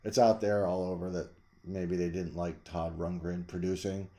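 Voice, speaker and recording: A middle-aged man, the host, chatting casually and rambling about his record collection, jumping to loud emphasis. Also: low voice, flat delivery, moderate pace. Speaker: vlog host reviewing records.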